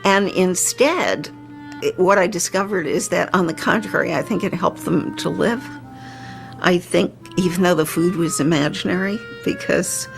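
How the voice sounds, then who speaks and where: A woman with a low, gravelly voice, speaking thoughtfully while a guitar plays faintly behind her.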